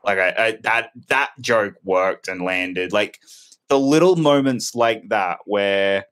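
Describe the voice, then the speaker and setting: Low-ish guy rambling through a movie review, candid and loose. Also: takes it slowly, fairly bright tone, clear, resonant tone. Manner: rambling, candid, self-correcting. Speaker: film reviewer. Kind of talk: casual film review chat.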